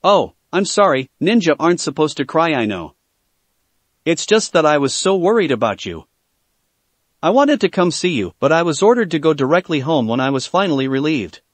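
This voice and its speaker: A man reading the lines of a shy, devoted teenage ninja girl, soft and earnest, in his own voice. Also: low voice, sing-song, moderate pace, dry recording. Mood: worried, relieved.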